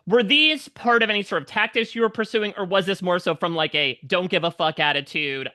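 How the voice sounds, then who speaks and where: A man interviewing a guest, asking articulate, measured questions. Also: sits high, sharp tone.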